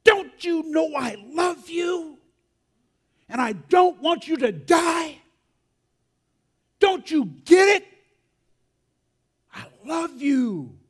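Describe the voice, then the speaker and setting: A man preaching voices a stern but loving grandmother who scolds her little grandson in a sharp, commanding voice. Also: high voice, animated, normal speed, pitched above the performer's own voice. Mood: pleading shout. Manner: sharp commanding voice, rising to an impassioned shout.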